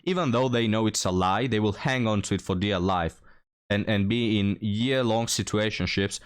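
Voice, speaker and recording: A man's voice: on the low side, normal speed. A man giving scornful, lecturing reaction commentary on a played clip.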